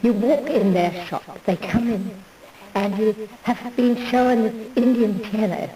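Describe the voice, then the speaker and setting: A woman's voice: a little high, measured pace, mellow, far from the mic, poor audio. A woman in a meandering, digressive monologue who loses her thread. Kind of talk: rambling monologue.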